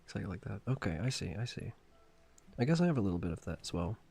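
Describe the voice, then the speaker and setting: A man chats loosely on his livestream, drifting between thoughts with plenty of filler and quick laughs. His voice sits low and dark in tone, with a husky, slightly rough edge. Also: sing-song, faint music behind. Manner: rambling, laughs often, many fillers. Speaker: streamer. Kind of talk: casual livestream chat.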